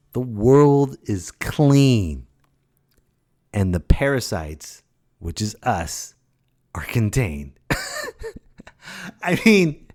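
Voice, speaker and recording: A man's voice: fairly low pitch, darkish tone. A man hosting a podcast, delivering a joking, rambling comic monologue. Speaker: podcast host.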